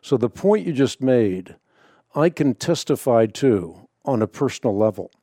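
A man hosting a religious discussion, speaking in a measured way and leaning hard on key words. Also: mid-range voice, expressive, warm tone, no room sound, clean studio sound. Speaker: radio show host.

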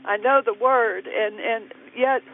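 A woman's voice: on the high side, fairly even intonation, slow pace. A woman in her sixties calling a radio show, speaking hesitantly and from the heart. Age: 60s. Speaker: caller. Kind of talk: call-in conversation. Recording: tinny phone line.

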